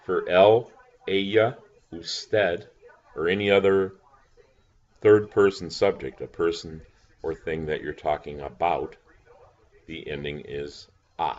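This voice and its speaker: Deep voiced guy teaching a lesson, slow and patient, spells stuff out, kinda dull lo-fi sound. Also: fairly even intonation. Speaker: language teacher. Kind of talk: recorded classroom lesson.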